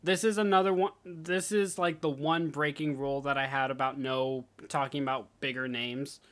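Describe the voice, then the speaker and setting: Bright-voiced jokey young man. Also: medium pitch, steady tone, normal speed. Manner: easygoing, jokey, laughs often. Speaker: podcast co-host. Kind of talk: casual chat.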